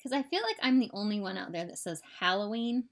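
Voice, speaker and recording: A woman's voice: mid-range voice, very animated, brisk. Chatty upbeat Midwestern woman. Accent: Midwestern American. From southern Illinois, US. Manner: chatty and upbeat, rambling asides. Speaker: stitching vlogger. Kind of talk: casual chat. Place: home.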